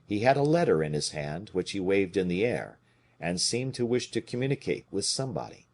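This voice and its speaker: A man reading a classic novel aloud as an audiobook narrator, in a lively, expressive way. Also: low-pitched, brisk. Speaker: audiobook reader.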